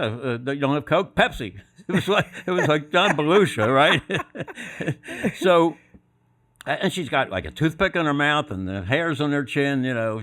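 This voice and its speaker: An older man, a guest on a podcast, telling anecdotes in a casual, animated way and laughing at his own stories. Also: medium pitch. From Philadelphia area. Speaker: guest, former sports executive. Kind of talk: casual storytelling interview.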